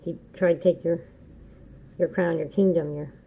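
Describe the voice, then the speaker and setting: A woman talks through a tarot reading in a relaxed, rambling way, often laughing. Her voice sits low with a very dark, mellow tone. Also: moderate pace, gravelly, breathy edge, poor audio. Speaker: tarot reader.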